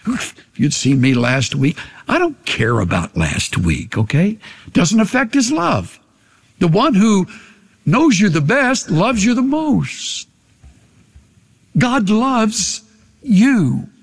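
Older male pastor, earnest sermon, hushed to raised, long hall reverb. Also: high-pitched, huge pitch swings, slow, gravelly, breathy edge.

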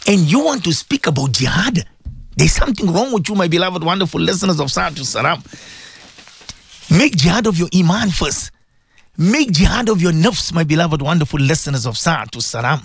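A man's voice: fairly high pitch, very animated, a little fast, vocal fry, slightly rough. A man giving an impassioned radio sermon, hammering home repeated rhetorical questions to his listeners. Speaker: radio presenter giving Islamic advice.

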